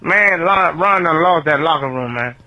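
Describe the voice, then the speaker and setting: A man's voice: fairly high pitch, expressive, normal speed, sharp tone, poor audio. A man calling in to a podcast, venting in a fed-up, cursing drawl. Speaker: caller. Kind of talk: fan call-in rant.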